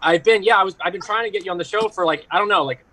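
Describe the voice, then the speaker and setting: Bright-voiced man hosting a video-call show. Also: high-pitched. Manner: fast, chatty, full of fillers. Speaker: host of an online late show. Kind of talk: casual chat on a video call.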